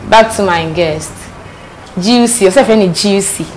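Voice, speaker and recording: A woman's voice: mid-range voice, unhurried, darkish tone, a little hiss or hum, low-quality recording. Ghanaian woman hosting a teasing chat show. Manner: teasing, switches between Twi and English, repeats questions. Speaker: talk show host. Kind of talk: casual chat show interview.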